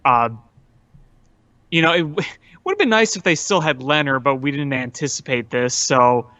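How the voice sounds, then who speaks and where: A man co-hosting a casual sports podcast, chatty and quick to joke and laugh. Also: mid-range voice, lively intonation, bright, forceful tone, no echo, highs cut off. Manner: chatty, laughs easily, riffs on jokes. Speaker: podcast co-host. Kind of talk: casual sports talk chat.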